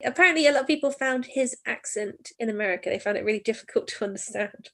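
A woman's voice: on the high side, quick pace, fairly bright tone. A woman co-hosting a podcast, chatting playfully and laughing often. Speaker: podcast co-host. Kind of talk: casual chat.

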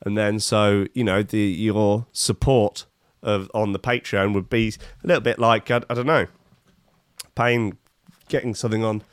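A man's voice: lowish voice, steady tone, measured pace, clean tone, dry recording. A man hosting a podcast, reading out news stories and riffing on them in a rambling, sarcastic way full of restarts. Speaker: podcast host. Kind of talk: comic news commentary.

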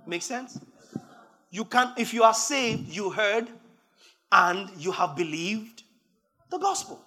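A man preaching a sermon, reading scripture aloud and building from calm teaching to emphatic shouting. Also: high voice, slow.

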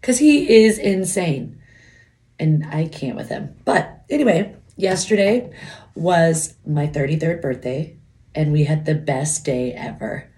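A woman's voice: low-pitched, lively intonation, unhurried, dark tone. A woman in her thirties hosting a podcast from home, chatting casually in a rambling, giggly way into a microphone while wearing headphones. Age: 30s. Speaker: podcast host. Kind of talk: casual chat.

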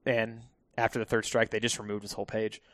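A firefighter guest telling stories in a relaxed podcast conversation, laughing often and restarting his sentences. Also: fairly low pitch, fast talker, no echo, studio quality.

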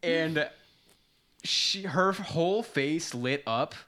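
Bright-voiced young man telling a story. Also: fairly high pitch, drawn-out words, slight background noise. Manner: animated, swearing, laughs mid-story. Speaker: podcast co-host. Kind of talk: casual storytelling chat.

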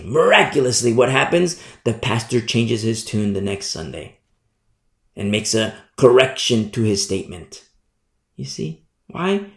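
Gravelly male preacher in an echoey room. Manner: emphatic, repeats phrases, pitch climbs high when stressing points; stumbles over words, quotes scripture verse by verse. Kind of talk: sermon. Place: church.

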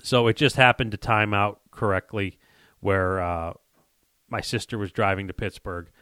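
Low-voiced man telling a rambling story. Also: steady tone, moderate pace, a bit bright, clean tone, no echo, studio quality. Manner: rambling, acts out other people's lines. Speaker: podcast host and lure maker. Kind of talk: casual storytelling chat.

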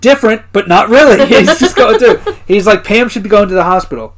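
A man's voice: sits high, lively intonation, a little fast. A man co-hosting a podcast who casually recaps episodes, laughing often and swearing now and then. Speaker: podcast co-host.

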